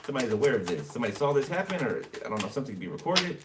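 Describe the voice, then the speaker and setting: A man's voice: medium pitch, big pitch swings, very fast, distant mic, heavy background noise. A man giving a casual tarot reading for viewers, chatty and blunt, swearing freely as he turns the cards. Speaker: tarot reader.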